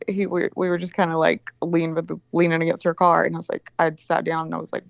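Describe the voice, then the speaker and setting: A woman's voice: sits low, flat delivery, fast talker, creaky, few pauses, no echo, lo-fi sound. A woman in casual chat on a video call, swearing constantly as she rambles through a story.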